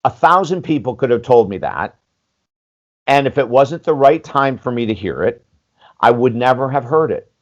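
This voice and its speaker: A man's voice: mid-range voice, moderate pace, lo-fi sound. A man in his sixties, a life coach guesting on a podcast, telling his story candidly and animatedly, acting out dialogue with casual swearing. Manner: animated, acts out quoted dialogue, frequent "you know", casual swearing.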